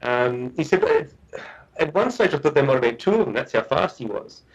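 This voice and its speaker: A man, a guest researcher, telling a story in a chatty, animated way with frequent restarts. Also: medium pitch, fairly quick, creaky, breathy edge, lo-fi sound. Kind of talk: casual storytelling.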